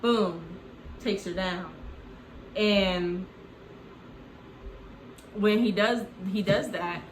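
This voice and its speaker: A woman's voice: medium pitch, very slow, slight background noise. A woman retelling a film in a loose, rambling, comedic way, packed with "like" and the odd swear word. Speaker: movie recap host. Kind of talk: casual comedic movie retelling. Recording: echoey room.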